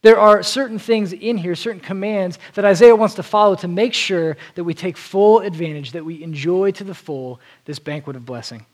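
A male preacher with a high voice gives an earnest Sunday sermon. He talks directly to his congregation and repeats a word now and then as he presses his points. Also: normal speed, hardly any pauses. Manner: earnest, repeats words as he restarts.

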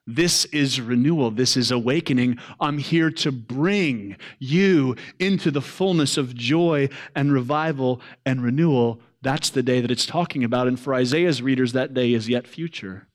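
Earnest male preacher, rising and falling. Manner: earnest preaching, swells loud then drops low. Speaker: pastor. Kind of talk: sermon.

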